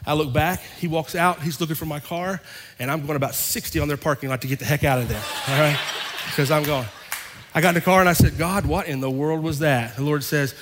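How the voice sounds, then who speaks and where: A man's voice: a little high, a little fast, a bit bright, slight background noise. A man preaching a sermon as pastor, telling a personal story and acting out both sides of an argument. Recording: long reverb of a large hall.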